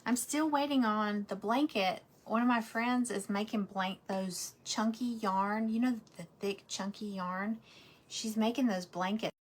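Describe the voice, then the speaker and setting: A woman's voice: medium pitch, measured pace. Woman, casual rambling host of a home craft livestream. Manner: chatty, rambling, talks straight to viewers.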